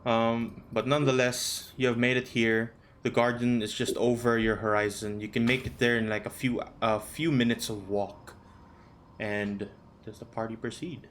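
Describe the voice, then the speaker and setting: A man narrating as game master of a tabletop game, relaxed and loose with fillers. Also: mid-range voice, moderate pace, slight background noise.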